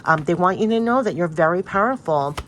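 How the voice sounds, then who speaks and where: Middle-aged woman, lowish voice, warm rambling card reader, leans on "like", light background hiss. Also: expressive, brisk. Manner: chatty, rambling, encouraging, says "like" often. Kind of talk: casual rambling card reading.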